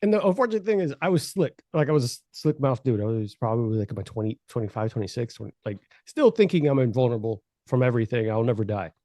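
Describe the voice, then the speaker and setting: Man, mid-pitch, swearing, animated podcast storyteller with a dry close sound. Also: quick pace, few pauses, no echo.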